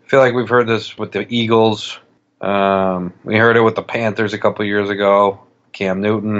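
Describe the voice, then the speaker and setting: Low-voiced man on a dull lo-fi mic. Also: little pitch movement, moderate pace. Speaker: podcast co-host. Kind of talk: casual sports chat.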